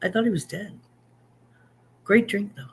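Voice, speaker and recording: A woman's voice: medium pitch, measured pace, vocal fry, husky. A woman in her fifties hosting a casual livestream, chatting, joking at her own expense and answering viewer comments as she reads them aloud. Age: 50s. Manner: self-deprecating and joking. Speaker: livestream host. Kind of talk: casual live chat.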